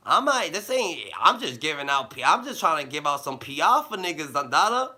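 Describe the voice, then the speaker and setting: Rambling man with a bright, tense voice. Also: sing-song, normal speed, hardly any pauses. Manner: loose slang-heavy talk with a repeated "da, da, da" filler; swings between low mumbling and loud bursts. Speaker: vlogger giving life advice. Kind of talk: rambling motivational monologue.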